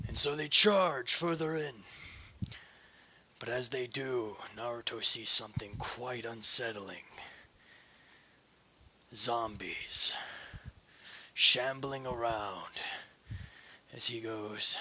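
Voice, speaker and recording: A man's voice: mid-range voice, slow, pauses often, sharp tone, a little hiss or hum. A man casually reading a fan story aloud and correcting himself as he goes. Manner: casual, self-correcting narration.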